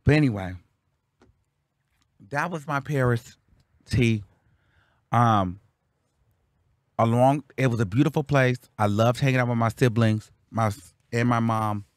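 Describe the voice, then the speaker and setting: A young man telling a story on his vlog, animated and loud when acting out what people said. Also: mid-range voice, measured pace, pauses often, dry recording, clean studio sound. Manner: animated, acts out quotes loudly. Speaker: vlogger.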